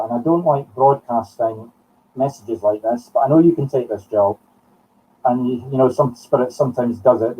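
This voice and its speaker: A Scottish man working as a medium on a live broadcast, talking in halting short phrases as he thinks aloud. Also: mid-range voice, slightly rough, far from the mic. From Scotland. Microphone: streaming from home. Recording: muffled sound from off the mic.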